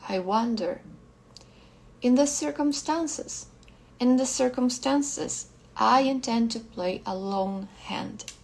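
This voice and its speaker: Read by a woman, this is a coldly composed wife in a spoken short story. She speaks slowly and evenly, in a raised, slightly high voice. Her tone is husky, with a gravelly rasp underneath. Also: heavily acted. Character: cold, composed foreign woman, middle-aged.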